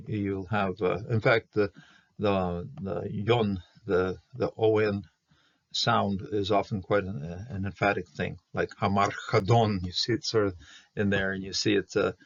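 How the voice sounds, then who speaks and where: Gravelly halting man teaching Hebrew grammar. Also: on the low side, little pitch movement, no echo. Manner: halting, many fillers and restarts, explanatory. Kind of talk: verse-by-verse Hebrew grammar lesson. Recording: dull, muffled dry recording.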